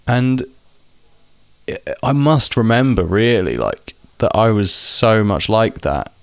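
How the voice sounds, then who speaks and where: A man's voice: lowish voice, lively intonation, unhurried, clean tone, no echo, clean studio sound. A young man talking casually to camera, rambling with lots of restarts and the odd swear word. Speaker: vlogger. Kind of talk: casual monologue.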